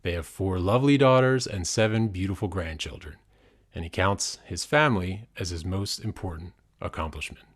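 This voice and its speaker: A man's voice: sits low, moderate pace. A man hosting a podcast, reading a polished scripted intro and then asking interview questions. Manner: polished, reads a prepared intro. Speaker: podcast host.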